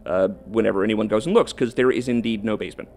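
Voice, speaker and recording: A man's voice: on the low side, fast, a little mellow. A man narrating a video script in a wry, dryly ironic manner.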